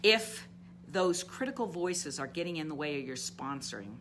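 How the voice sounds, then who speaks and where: A woman business coach giving an emphatic motivational talk, repeating phrases and easing into a soft guided visualization. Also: sits low, animated, normal speed, background noise.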